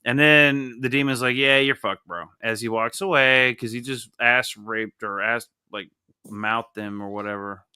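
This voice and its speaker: A young adult man hosting a casual comic book review, animated, joking and swearing freely. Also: mid-range voice, a little slow, clear, resonant tone. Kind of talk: casual podcast chat.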